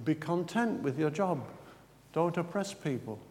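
A man's voice: on the high side, lively intonation, measured pace, a little mellow. A man voicing a stern desert prophet who gives blunt, plain-spoken commands to the crowds. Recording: long reverb of a large hall.

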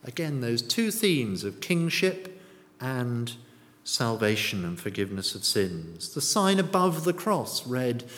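A man's voice: medium pitch, very animated, takes it slowly, a bit bright. A man preaching a sermon in a church, often putting rhetorical and tag questions to the congregation. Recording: long church reverb.

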